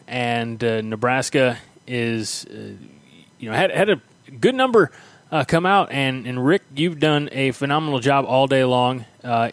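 A man hosting a podcast from home, chatting casually and rambling with many pauses and fillers. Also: medium pitch, clear, resonant tone, no room sound. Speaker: podcast host. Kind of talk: casual chat.

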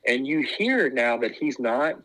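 A man's voice: medium pitch, big pitch swings, a little slow, fairly bright tone, no echo, rough recording. A man chatting casually as a podcast co-host, rambling with lots of fillers and restarts. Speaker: podcast co-host, former wrestling tryout. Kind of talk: casual chat.

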